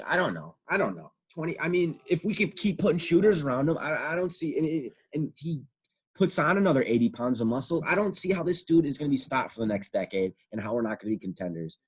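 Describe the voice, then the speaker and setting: A young man co-hosting a casual sports podcast, excitable and profane, rambling as he talks. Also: a little high, brisk, slightly rough. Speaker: podcast co-host.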